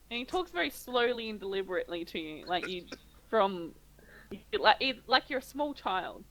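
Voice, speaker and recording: A woman's voice: medium pitch, big pitch swings, moderate pace, a bit bright, low-quality recording. A woman narrating a tabletop game as game master, in a loose, casual way.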